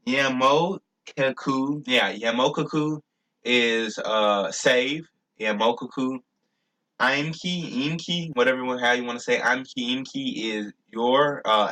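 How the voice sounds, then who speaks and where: A man's voice: mid-range voice, bright, forceful tone. A young man talking casually in a rambling vlog, stumbling and restarting often with many fillers. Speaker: YouTuber.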